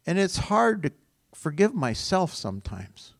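A middle-aged male pastor preaches in a loose, chatty storytelling way, chuckling now and then. His voice is on the higher side with a gravelly fry. The sound is dry and close, with no room echo. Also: big pitch swings, measured pace. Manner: conversational, rambling storytelling with chuckles. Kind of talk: informal sermon.

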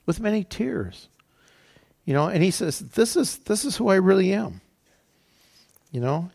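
Gravelly-voiced preacher, repeating for emphasis. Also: male voice, high voice, expressive, moderate pace, a little mellow. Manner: reads scripture aloud then explains it in plain talk; repeats phrases for emphasis, many "you know" fillers. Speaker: pastor. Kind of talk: sermon.

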